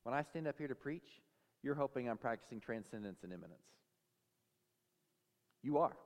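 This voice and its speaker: A man preaching a sermon as pastor, telling stories in an animated way and acting out the voices of the people in them. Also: medium pitch, moderate pace, in a large hall. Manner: animated storytelling, acts out quoted voices. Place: church sanctuary.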